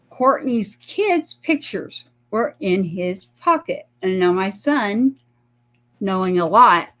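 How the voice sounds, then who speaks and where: A woman guesting on a talk show tells a personal story in casual conversation using her mid-range voice. She's animated, playing out the voices of the people she quotes.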